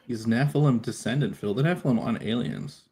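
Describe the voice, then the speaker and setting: A man's voice: medium pitch, fast talker, vocal fry, darkish tone, husky. Male co-host, dry wry delivery, everyday mid voice. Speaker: podcast co-host. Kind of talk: casual chat.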